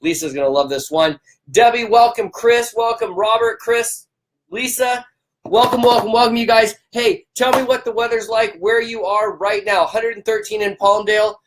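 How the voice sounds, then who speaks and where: A man's voice: high-pitched, normal speed. Fired-up man ranting on a live stream. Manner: fired up, emphatic, repeats himself; greets viewers by name. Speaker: livestream host.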